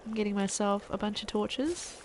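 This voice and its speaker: A woman's voice: mid-range voice, normal speed, slight background noise, rough recording. A woman from New Zealand, a parent, chatting casually with viewers while she streams gameplay. She laughs often and trails off mid-sentence. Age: adult parent.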